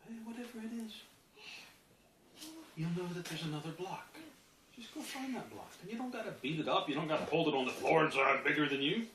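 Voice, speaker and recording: Self-help teacher, casual lesson, very lively pitch; noisy, echoey recording. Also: a little fast, long pauses. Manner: animated, acts out inner voices, keeps asking "right?". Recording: roomy distant mic with background noise.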